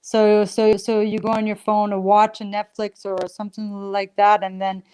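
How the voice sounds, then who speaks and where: A woman from Canada, a singer-songwriter guest on an online interview show. She talks in a giggly, animated way, in a mid-range voice, with lots of laughter. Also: mid-range voice, normal speed, smooth. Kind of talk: casual interview.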